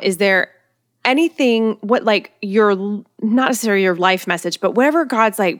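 A woman's voice: medium pitch, fairly bright tone. A woman hosting an interview podcast, encouraging her guest with frequent short affirmations. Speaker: podcast host. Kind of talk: interview conversation.

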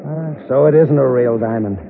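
A man's voice: medium pitch, moderate pace, creaky, a little hiss or hum, lightly acted. An actor playing a brash, teasing young guy. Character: brash young man named Joe on a boat. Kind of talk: 1950s radio drama acting. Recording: tinny lo-fi vintage radio broadcast.

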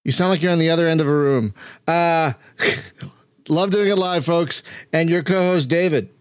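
A man's voice: a little high, normal speed, clean tone, no echo, clean studio sound. A man from Philadelphia hosting a casual podcast chat, laughing often and tripping playfully over his words. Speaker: podcast host. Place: home setup on a voice call.

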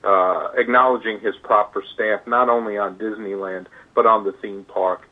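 A male author being interviewed, telling a history in a halting way with many fillers and restarts. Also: on the low side, fairly even intonation. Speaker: author guest. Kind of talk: interview storytelling. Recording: tinny phone line.

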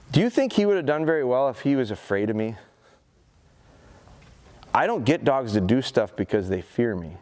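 Man coaching a dog, lively voice. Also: medium pitch. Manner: coaxes a dog with short repeated commands and praise; talks plainly to the audience with rhetorical questions. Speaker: dog trainer presenting a seminar. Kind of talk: live training seminar with a dog demonstration. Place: event seminar in front of an audience.

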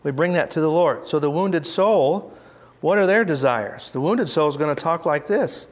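Higher-voiced man teaching scripture. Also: expressive. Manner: conversational and reflective, with many pauses and restarts. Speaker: Bible teacher. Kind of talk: informal teaching talk with scripture readings.

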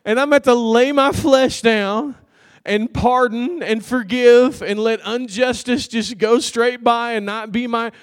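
A man's voice: very high voice, fairly even intonation, a little slow, clear, resonant tone. A man preaching a sermon, telling a story in a loose, conversational way and calling out to the congregation for an amen. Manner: conversational storytelling with laughs and crowd call-outs. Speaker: pastor.

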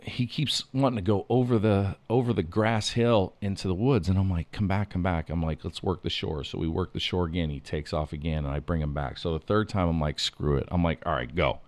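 Deep-voiced man telling a hunting story. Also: no room sound. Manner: animated storyteller, acts out quotes. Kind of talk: casual storytelling chat.

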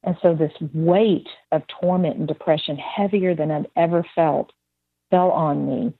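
A woman's voice: low-pitched, fairly even intonation, a little slow, breathy edge, dry recording. A woman sharing a spoken testimony as a guest, telling her story vividly and acting out the voices of the people in it. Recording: dry tinny phone-like line.

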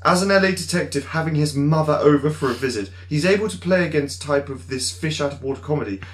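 A man's voice: on the high side, quick pace. A man co-hosting a casual podcast, reading film reviews aloud in a mock-dramatic way. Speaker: podcast co-host.

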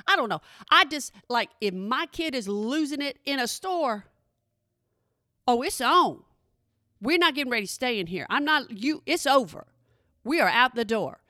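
Sassy, high-voiced mom talking to listeners. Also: female voice, expressive, normal speed, pushed and bright, no echo, clean studio sound. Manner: sassy, emphatic, talks straight to listeners. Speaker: parent monologue host. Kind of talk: casual chat monologue.

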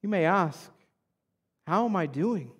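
A male pastor in his thirties delivers a sermon from the pulpit. His voice sits high for a man. He talks in a conversational way, often asking "right?", and the sound carries a long, echoing reverb from the church hall. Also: lively intonation, slow pace, a bit bright. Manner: conversational preaching with frequent tag questions.

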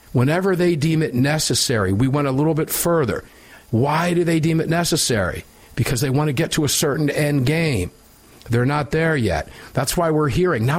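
A man hosting a talk radio show, giving opinionated commentary in an emphatic, sarcastic way. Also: mid-range voice.

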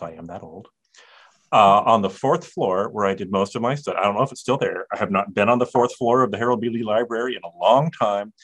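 A man in his fifties moderating a webinar panel over a video call, talking with animated enthusiasm. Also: fairly low pitch.

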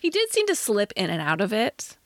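A woman's voice: mid-range voice, huge pitch swings, brisk, no echo, clean studio sound. Wry woman podcast co-host. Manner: conversational, wry, laughs mid-sentence. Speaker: podcast co-host reviewing a TV movie. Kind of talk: casual chat.

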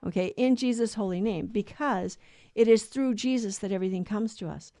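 A woman's voice: medium pitch, fairly quick, warm tone, dry recording, studio quality. A woman co-hosting a Catholic talk show, teaching in an earnest, storytelling way. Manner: earnest storyteller who acts out quoted voices. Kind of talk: conversational faith teaching.

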